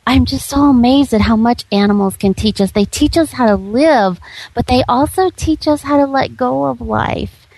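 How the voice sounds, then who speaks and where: A woman host with a gravelly, creaky edge in a fairly high voice. She responds in an affirming way, and the sound is close and dry. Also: normal speed, a little mellow, no echo, low-quality recording. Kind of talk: interview.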